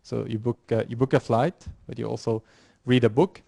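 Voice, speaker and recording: Halting male university lecturer. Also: mid-range voice, steady tone, gravelly, warm tone, no room sound, studio quality. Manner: halting, many fillers and restarts. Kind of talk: classroom lecture. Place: lecture room.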